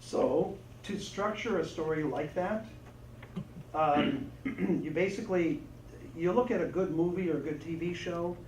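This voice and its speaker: A man training a group on storytelling, lively, acting out little voices and asides as he teaches. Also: fairly high pitch, measured pace. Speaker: presenter and trainer. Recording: echoey room, distant mic, faint noise.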